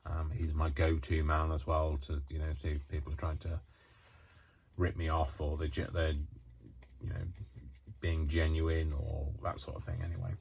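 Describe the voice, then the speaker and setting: A man's voice: a bass voice, little pitch movement, normal speed, vocal fry, a little mellow, breathy edge. A man chatting casually to the camera while he crafts, rambling and hesitant with lots of ums and restarts, and yawning now and then. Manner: yawns often while talking. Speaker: craft vlogger.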